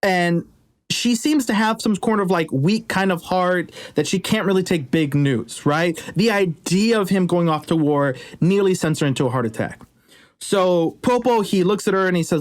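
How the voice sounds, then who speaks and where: A man's voice: high voice, normal speed. A man retelling a legend in a casual, conversational way with jokey asides. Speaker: storyteller. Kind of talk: casual storytelling.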